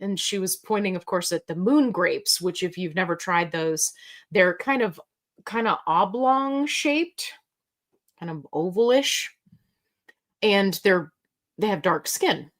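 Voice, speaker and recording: A woman hosting a live question-and-answer stream, chatting casually to her viewers. She rambles cheerfully, jumps off on tangents and tells jokey little stories in a relaxed, everyday voice. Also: fairly low pitch, takes it slowly. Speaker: host. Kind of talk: casual livestream Q&A chat.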